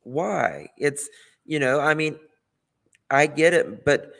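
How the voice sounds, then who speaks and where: A man co-hosting a casual commentary chat, giving earnest and opinionated remarks in a measured way. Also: a little high, expressive, creaky, a bit bright. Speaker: co-host.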